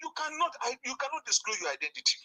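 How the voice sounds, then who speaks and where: A man's voice: extremely high pitch, very animated, very fast, a crowd in the background. A Nigerian man calling in, rambling and mixing English with local words over a phone line. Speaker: caller.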